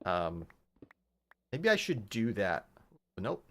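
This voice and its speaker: A man's voice: on the low side, wildly swooping pitch, takes it slowly, a bit bright. A man streaming a video game from home, chatting casually and thinking aloud with many fillers. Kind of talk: casual gameplay chat.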